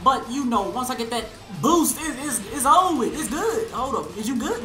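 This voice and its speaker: A young woman giving hyped, slang-heavy commentary over her online matches. Her voice is bright, and its pitch jumps all over. The recording sounds roomy and echoey. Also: animated, normal speed, faint music behind. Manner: hyped, slangy, shouts at opponents. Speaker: gaming channel host. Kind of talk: live gameplay commentary.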